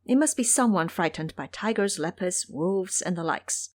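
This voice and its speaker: A woman plays a devout male monk in an audio drama, gentle and compassionate toward a stranger in need. Her delivery stays soft and kindly, with a lively rise and fall in pitch. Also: normal speed.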